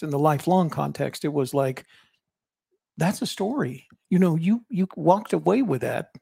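Gravelly man musing in a rambling chat. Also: fairly high pitch, darkish tone, dry recording, clean studio sound. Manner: rambling, reflective, many restarts. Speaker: co-host and author. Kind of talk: casual chat.

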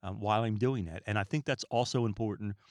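Relaxed, rambling low-voiced man. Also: quick pace, dry recording, clean studio sound. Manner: rambling, stumbles over words; calm and relaxed. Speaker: podcast host. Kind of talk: casual podcast monologue. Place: small room lined with books.

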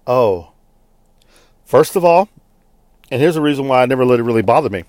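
A man's voice: medium pitch, expressive, a little fast, a little mellow, no echo. A man from Texas telling a personal story in a frank, conversational way, with blunt swearing. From Texas, United States. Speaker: interviewee.

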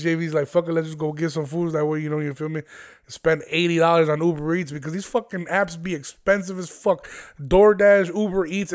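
A young man telling stories in a casual solo monologue, profane and rambling in heavy slang. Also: fairly high pitch. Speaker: podcast host.

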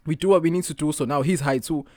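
A young man co-hosting a podcast, telling stories in casual chat and acting out what people said, often breaking into loud laughter. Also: fairly high pitch, fast talker, no echo, studio quality. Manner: animated storyteller, acts out quotes, laughs loudly. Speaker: podcast co-host.

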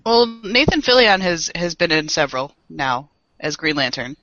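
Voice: mid-range voice, sing-song, moderate pace, bright, forceful tone, no echo. A podcast co-host in casual, joking chat, laughing often, heard over an online call. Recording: dull lo-fi call audio.

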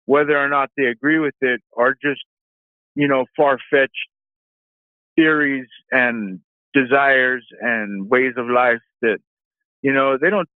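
A man's voice: medium pitch, fairly even intonation, slow pace, no room sound. A man calling in to a talk show, rambling with many ums and you-knows. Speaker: caller. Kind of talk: phone call-in rant. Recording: phone line.

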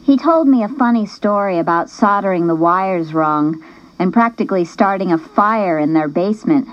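A woman narrating a first-person audiobook in a plain, measured storytelling manner. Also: mid-range voice, muffled recording.

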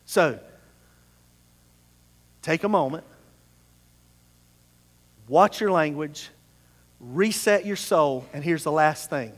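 A male pastor preaching a sermon, swinging between hushed passages and raised, emphatic calls. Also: on the high side. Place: church sanctuary. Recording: long hall reverb in a church.

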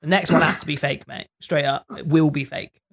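A man's voice: on the high side, steady tone, fairly quick, fairly bright tone. A man, brash and cocky, swearing freely during a casual podcast quiz. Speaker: podcast co-host, contestant. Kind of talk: casual banter in a quiz game.

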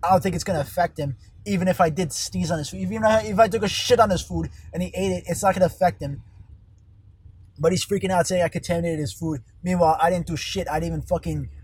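A young man working in fast food, telling an exasperated, rambling and profane story about a customer while driving on a highway. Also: fairly even intonation, a little mellow, husky, no room sound, poor audio. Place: car on a highway. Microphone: phone. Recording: faint road noise in a car. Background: vehicle noise.

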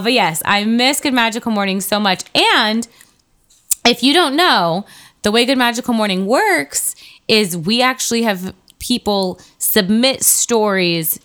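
A woman co-hosting a podcast in casual chat, upbeat and quick to laugh. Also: on the high side, a bit bright, clear, resonant tone. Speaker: podcast co-host.

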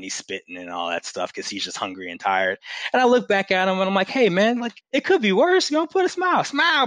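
A man in his thirties telling a casual, animated story as a guest, with lively jumps into quoted voices. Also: no echo. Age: 30s. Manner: animated, swings into high mocking quotes.

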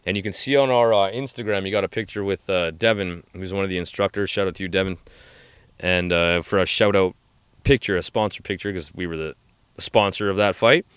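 A man's voice: deep voice, brisk, a bit bright, clear, resonant tone, no echo. A man in his forties hosting a podcast, recapping fights in a rambling, enthusiastic way full of restarts. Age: 40s. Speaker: podcast host. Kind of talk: casual fight-recap chat.

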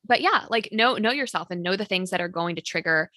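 Woman podcast host, casual and chatty, lowish pitch, dry close sound. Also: lively intonation, fairly quick, bright, forceful tone, no room sound. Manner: chatty, practical, frequent "like" fillers. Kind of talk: casual chat.

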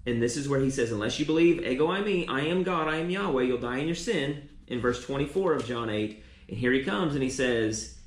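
A man's voice: mid-range voice, reverberant. A man preaching a teaching sermon, often repeating and restarting words.

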